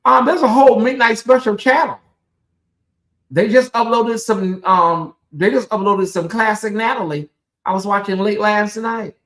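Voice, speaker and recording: A channel host doing live reaction commentary with a sassy, gossipy way of talking, calling viewers "girl" and "honey" and swinging between loud exclaims and low asides. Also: normal speed.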